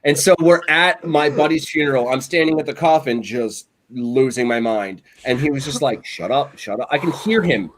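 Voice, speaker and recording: A man's voice: medium pitch, normal speed, hardly any pauses. A man co-hosting a casual podcast, telling rambling stories full of "like" and "you know what I'm saying". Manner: rambling storyteller, animated, lots of "like" and "you know". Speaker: podcast co-host. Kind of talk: casual chat.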